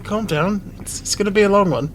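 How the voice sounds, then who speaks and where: A man's voice: high voice, brisk, very noisy. A man chatting as a player in a tabletop game, teasing and wry. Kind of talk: casual game chat.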